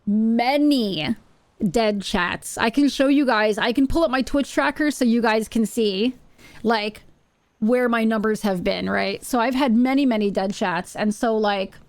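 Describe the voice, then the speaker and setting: A woman's voice: a little high, normal speed, no echo. A woman live-streaming from her home setup, chatting casually with her viewers in a rambling way and often repeating her phrases. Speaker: Twitch streamer.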